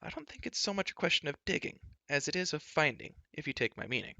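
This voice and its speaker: Male reader as a chatty, wry bard, raised and bright, gravelly edge. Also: fairly high pitch, lively intonation, fast, no room sound, pitched above the performer's own voice, heavily acted. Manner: wry, talkative. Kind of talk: storybook reading.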